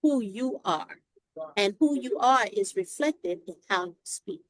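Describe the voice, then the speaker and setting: A woman's voice: mid-range voice, expressive, unhurried, dry recording, low-quality recording. A woman with a Southern Texas accent, a longtime Toastmasters member speaking emphatically in a casual group discussion.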